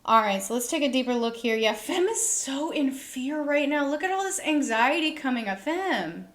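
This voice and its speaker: A woman's voice: high-pitched, animated, moderate pace. A woman giving a tarot reading to her viewers, reassuring them and checking in with a frequent "okay?" as she explains the cards. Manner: reassuring, repeats "okay?" often, acts out listeners' worried thoughts. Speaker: tarot reader.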